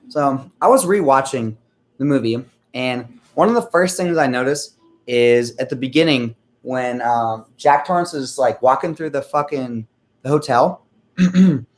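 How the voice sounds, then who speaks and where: A man rambling in a casual monologue, swearing a lot, full of fillers and frequent throat clearing. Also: medium pitch, animated, moderate pace. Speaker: vlogger.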